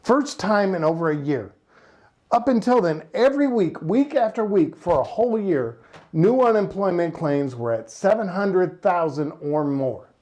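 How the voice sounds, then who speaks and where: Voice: mid-range voice, expressive, moderate pace, mellow. A passionate, sarcastic vlogger from the United States, ranting casually about the economy with lots of rhetorical questions. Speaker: economic commentator. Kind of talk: casual opinion vlog rant.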